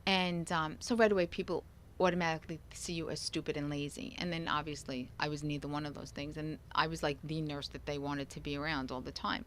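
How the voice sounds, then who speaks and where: Middle-aged woman co-host, lower voice, chatty storyteller, a little hiss behind. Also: fairly even intonation, brisk, fairly bright tone. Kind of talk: casual chat.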